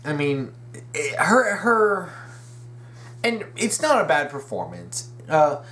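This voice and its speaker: A man's voice: a little high, wildly swooping pitch, takes it slowly, fairly bright tone. A young man hosting a casual fan commentary video, rambling, restarting his sentences and correcting himself with eager, opinionated enthusiasm. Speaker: video essay host.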